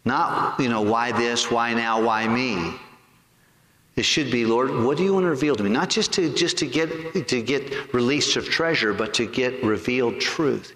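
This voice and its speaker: A man preaches a sermon in a church sanctuary, his voice pitched in an ordinary middle range. He puts rhetorical questions to the congregation and slows down to draw out key words. The sound echoes around the big room, with a long reverb tail behind every phrase. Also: a bit bright. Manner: stretches key words slowly for emphasis. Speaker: pastor.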